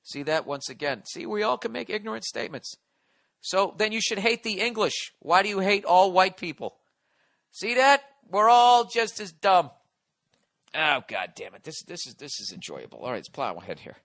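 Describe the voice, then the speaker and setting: A man in his forties talks into a close, dry studio mic in a bright, forceful voice that sits a little high for a man. He rambles and swears his way through a comedic podcast monologue, reading listener letters aloud while on cold medicine. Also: sing-song, a little fast, creaky, no room sound. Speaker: podcast host.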